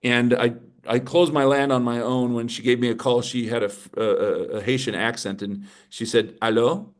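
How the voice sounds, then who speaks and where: A man teaching a room of investors in a lively, emphatic seminar style. His voice sits at an ordinary middle pitch for a man. He keeps pulling listeners in with rhetorical questions and punchy points. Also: moderate pace. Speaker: real estate investing instructor.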